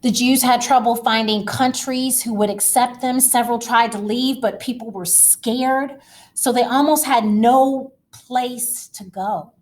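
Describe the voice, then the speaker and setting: A woman teacher giving a recorded history lecture, lively and dramatic, speaking straight to her students. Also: fairly high pitch, a little slow.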